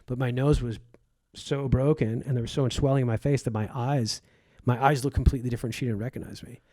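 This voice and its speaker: Man with a dark, mellow voice telling stories. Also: medium pitch, steady tone, quick pace, no room sound. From Egypt. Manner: vivid storyteller, acts out quoted voices. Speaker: comedian guest. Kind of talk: storytelling in conversation.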